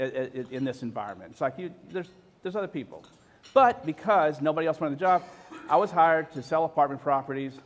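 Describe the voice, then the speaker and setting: Self-deprecating man in his fifties. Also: on the high side. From Texas. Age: 50s. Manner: self-deprecating, joking, full of restarts and quoted dialogue. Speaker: speaker. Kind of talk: storytelling talk to an audience.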